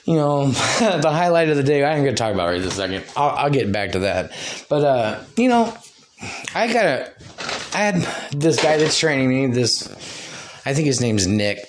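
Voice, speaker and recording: A man's voice: medium pitch, very animated, normal speed, a little hiss or hum. A man hosting a loose solo podcast, talking in a rambling, profane way and laughing between thoughts. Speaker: podcast host.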